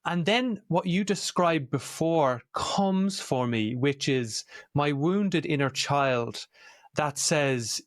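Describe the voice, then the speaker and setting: A man's voice: fairly high pitch, lively intonation, takes it slowly, no echo, clean studio sound. A man hosting a podcast, talking in an earnest, reflective conversational way. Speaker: podcast host.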